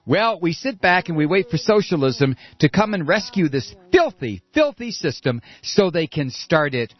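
A man's voice: on the high side, very animated, moderate pace, soft background music. A man delivering an angry political rant, profane and sarcastic, with mocking asides. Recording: dull lo-fi recording.

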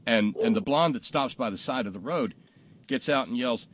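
A man hosting a talk show, telling jokes casually and acting out the punchlines loudly. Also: mid-range voice, moderate pace, a little hiss or hum. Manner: animated storyteller, acts out punchlines loudly.

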